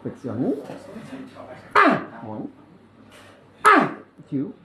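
A man's voice: a little high, huge pitch swings, extremely slow, pushed and bright, reverberant. A man with a Malaysian English accent, a bone-setting practitioner, commenting while he treats a patient, counting aloud and adding playful sound effects.

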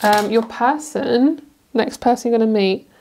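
A woman's voice: a little high, unhurried, noisy background. A young British woman giving a casual, rambling tarot reading, chatty and giggly, with many fillers. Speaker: tarot reader.

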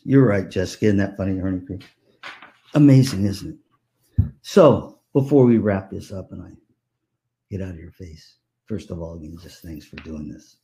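An older man giving a keynote to music teachers, telling lively anecdotes and acting out the voices of people in them. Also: low voice. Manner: animated, acts out voices in anecdotes. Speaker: keynote speaker. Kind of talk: storytelling keynote. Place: virtual conference talk.

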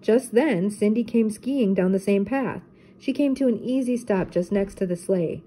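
A woman's voice: medium pitch, normal speed, warm tone, slightly rough. Older woman reading a storybook aloud.

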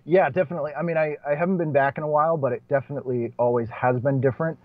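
A man's voice: on the high side, steady tone, rapid-fire, dry recording. Chatty comedian man, dull dry audio. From Boston, USA. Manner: chatty, self-correcting, laughs between points. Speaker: stand-up comedian guest. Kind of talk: casual conversational interview. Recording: dull, muffled podcast audio.

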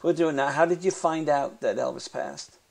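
A male interviewer talking in a relaxed, plain-spoken way. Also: fairly high pitch, a little fast, creaky, crowd noise. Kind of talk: casual radio chat.

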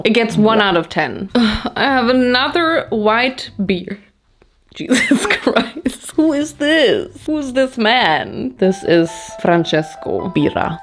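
A young woman from Germany doing a casual, playful taste-test vlog with dramatic reactions. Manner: dramatic, playful, quick jumps in pitch. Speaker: vlogger.

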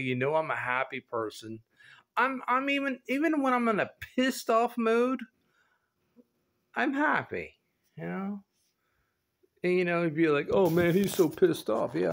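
Goofy guy rambling on his vlog, slow unhurried talk, laughs a lot and yelps up high now and then. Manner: goofy, rambling, often laughing and swinging to loud high shouts. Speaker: vlogger. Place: indoor showroom with a concrete floor.

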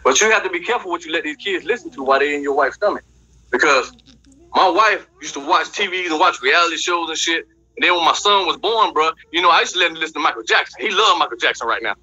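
A brash man rattling off a crude stand-up bit at a fast clip, his voice high and bright. The husky sound comes through a dry, dull video-call line. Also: expressive. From Georgia, USA. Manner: brash, profane, rapid storytelling. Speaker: stand-up comedian. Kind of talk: crude stand-up comedy set.

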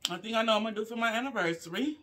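A woman vlogger with a fairly high voice talks rapid-fire to her viewers while eating a meal on a casual live stream. Relaxed and chatty, she calls them "y'all," savors the food with frequent "mm" hums between bites, and talks with her mouth full.

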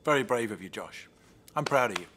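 An actor playing an earnest, quirky man who leads a support group with gentle encouragement. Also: medium pitch, lively intonation, a little fast, heavy background noise, lightly acted. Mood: encouraging.

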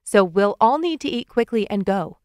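A woman voicing a brisk, organized mother in an audiobook. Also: medium pitch, animated, darkish tone, no room sound, studio quality, lightly acted. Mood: matter-of-fact. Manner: firm, matter-of-fact.

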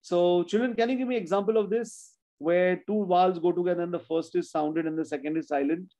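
A man's voice: high voice, fairly even intonation, brisk, dark tone, rough recording. A man teaching children spelling in an online class, patiently sounding out words letter by letter.

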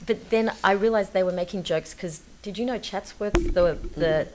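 A woman's voice: mid-range voice, moderate pace, background noise. A woman, a guest on a talk show, chatting and laughing through personal anecdotes with lots of fillers. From Australia. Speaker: guest actress.

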